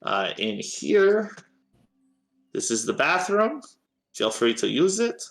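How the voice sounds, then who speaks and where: A man's voice: a little high, big pitch swings, slow pace, gravelly, fairly bright tone. A man narrating a tabletop game as game master, hesitant and full of filler sounds.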